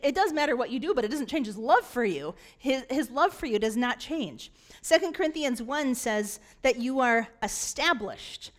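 High-voiced woman pastor preaching. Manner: animated preaching that acts out dialogue. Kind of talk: sermon.

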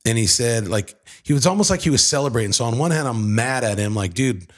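A man's voice: mid-range voice, lively intonation, fast talker. A man in his thirties telling a painful family story to the camera in a loose, casual way, with lots of "like" and "dude". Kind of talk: emotional personal storytelling.

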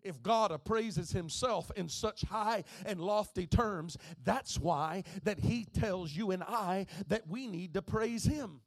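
A man preaching a sermon as pastor, moving between quiet speech and shouted, half-sung lines. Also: high voice, slow, few pauses, no echo. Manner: preaching, swings from soft to shouting and half-singing.

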